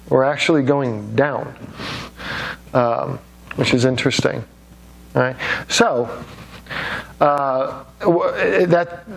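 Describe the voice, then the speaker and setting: A man's voice: medium pitch, vocal fry. A man giving a classroom lecture, with joking asides to the students and many fillers and restarts.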